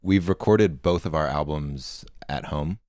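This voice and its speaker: Young male band guest, very deep voice, relaxed interview answers. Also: unhurried, no room sound, studio quality. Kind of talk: casual interview chat.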